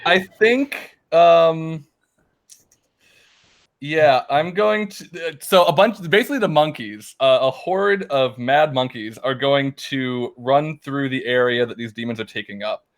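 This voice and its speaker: A man's voice: mid-range voice, measured pace. A man playing a tabletop game, talking through his turn with a lot of hesitation. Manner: hesitant, lots of ums while deciding. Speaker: player. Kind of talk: casual tabletop game talk.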